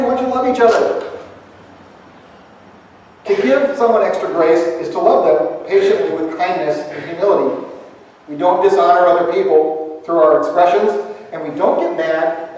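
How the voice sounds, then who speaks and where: A man's voice: fairly high pitch, darkish tone. A male pastor preaching a sermon in a church, talking conversationally with humor and asking the congregation questions. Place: church sanctuary. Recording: echoey church hall from far off.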